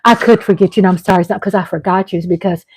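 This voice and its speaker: A middle-aged woman hosting her vlog at home, chatting casually with viewers; animated and gushing, laughing often and swinging from loud excitement to soft tenderness. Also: fairly low pitch, very fast, husky, poor audio. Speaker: vlog host. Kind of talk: casual live chat with viewers. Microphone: on a mic at home.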